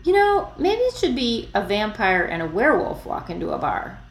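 A woman's voice: medium pitch, wildly swooping pitch, moderate pace, creaky, voice pushed up. A woman voicing an anxious, fussy young werewolf man who yelps when startled, in an echoey room.

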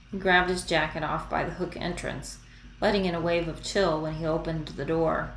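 A woman reading a story aloud in a soft, even narrating voice. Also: sits low, moderate pace, slight background noise. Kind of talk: fan fiction read aloud. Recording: echoey room.

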